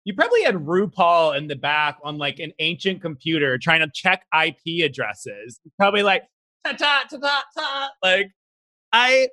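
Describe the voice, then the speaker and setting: A man interviews a guest on a casual show, his voice higher than most men's and bright in tone. He reacts with excitement and disbelief before asking his next question. The sound is dry and close. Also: normal speed, no room sound. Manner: excitable, incredulous. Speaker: interviewer, host.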